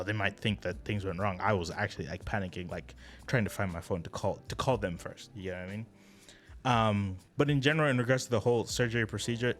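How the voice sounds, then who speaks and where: A young man with a fairly low voice tells a personal story in a relaxed vlog style. He talks in a chatty, animated way, full of ums and restarts, with faint music playing underneath. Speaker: vlogger. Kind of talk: casual storytelling.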